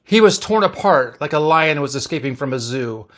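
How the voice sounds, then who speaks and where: A man voicing a gruff, blunt male ship doctor who barks orders in a read-aloud story. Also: a little high, lively intonation, moderate pace, fairly bright tone. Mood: brusque. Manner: brusque, barking orders.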